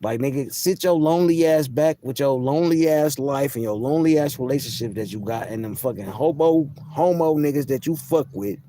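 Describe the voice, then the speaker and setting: A man's voice: mid-range voice, brisk, few pauses, dark tone. A man vlogging a casual, profane, boastful rant to his viewers from outdoors in public. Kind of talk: casual ranting monologue to camera.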